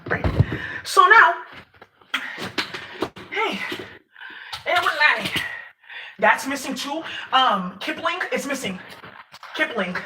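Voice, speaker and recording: A woman's voice: fairly high pitch, background noise. A woman from Nigeria, ranting casually to her viewers, brash and profane, laughing as she talks. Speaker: vlogger. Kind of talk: casual rant to camera.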